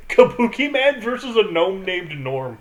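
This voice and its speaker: A man's voice: high voice, very animated, measured pace. A young man co-hosting a podcast, joking with a swear here and there while recapping a film, often restarting his sentences. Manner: profane, jokey, stumbles and restarts. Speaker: podcast co-host. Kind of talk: casual movie-review chat. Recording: echoey room.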